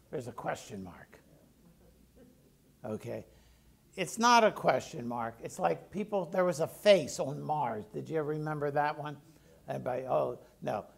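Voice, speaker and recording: A man's voice: fairly high pitch, creaky, breathy edge. A male pastor giving a conversational sermon, often putting questions to the congregation.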